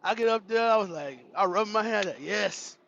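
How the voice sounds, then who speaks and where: A man's voice: sits high, fast talker, muffled recording, a little hiss or hum. A man hosting a livestream, casually telling a funny childhood story to his chat with laughter and cursing. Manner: animated, laughing, profane storyteller. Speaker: livestream host.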